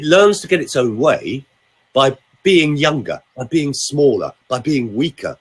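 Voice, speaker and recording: A man's voice: medium pitch, big pitch swings, measured pace, husky. An older man, a vocal coach talking in a theatrical, teasing way on a podcast. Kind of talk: casual podcast chat with voice demonstrations.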